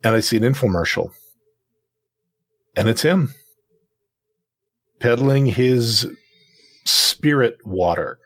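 A man's voice: medium pitch, animated, slow pace, long pauses, fairly bright tone, no room sound. A man co-hosting a podcast, chatting casually and telling a rambling story with many restarts. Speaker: podcast co-host. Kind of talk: casual chat.

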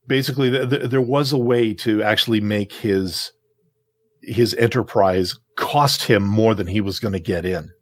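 Husky man telling a rambling story. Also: on the low side, moderate pace, no echo. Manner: rambling storyteller, many fillers and restarts. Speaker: podcast co-host. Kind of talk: casual chat.

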